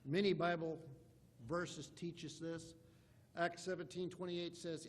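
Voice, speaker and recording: A man's voice: fairly high pitch, flat delivery, unhurried. A man, a pastor, preaching an emphatic sermon and reading scripture aloud in old-fashioned wording from a church sanctuary.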